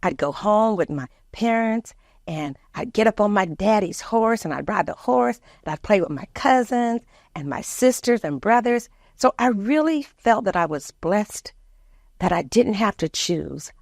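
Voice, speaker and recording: An older Southern American woman, a community leader, tells childhood stories during an interview, vividly acting out what her family members said. Her medium-pitched voice is unhurried with vocal fry, and the studio-quality recording has no room sound.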